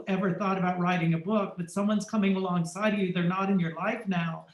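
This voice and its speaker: A man, a photographer on a podcast, telling a personal story and acting out the dialogue in lively shifting tones. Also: high voice, reverberant, poor audio. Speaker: podcast guest, fashion photographer.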